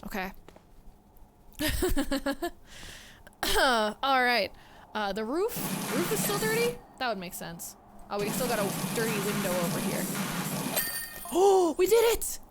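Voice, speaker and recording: A woman streaming a game live, chatting casually and excitedly to her chat and the game. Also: a little high, takes it slowly, long pauses, noisy background.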